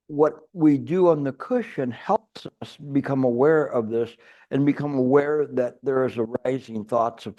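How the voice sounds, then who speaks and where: A man's voice: mid-range voice, warm tone. A man giving a Chan meditation teacher's retreat dharma talk, rambling and restarting, with playful everyday examples. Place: retreat hall.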